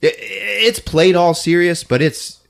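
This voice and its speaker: A man hosting a podcast, recapping a film in an animated, laughing storytelling style. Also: high-pitched, slow, vocal fry. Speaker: podcast host.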